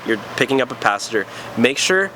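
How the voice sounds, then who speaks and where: Man, chatty rideshare advice, mid-pitched voice, faint street traffic behind. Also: expressive, a little fast, bright, forceful tone. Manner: chatty, lots of "um" and "you know", upbeat openers. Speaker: rideshare driver giving tips, channel host. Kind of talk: casual talking-head advice.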